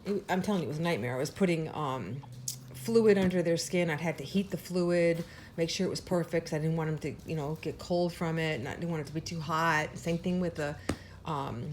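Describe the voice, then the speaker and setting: In a casual update to camera, a woman who breeds dogs talks earnestly and emotionally about her puppies, slipping into a high sing-song when addressing them. Her voice has a darkish tone, with a little hiss or hum in the recording.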